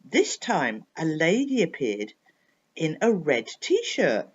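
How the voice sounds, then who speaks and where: Expressive woman telling a children's story. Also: sits low, takes it slowly, slightly rough. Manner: expressive, addressing the listener with questions. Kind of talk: bedtime story reading for children. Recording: dull lo-fi recording.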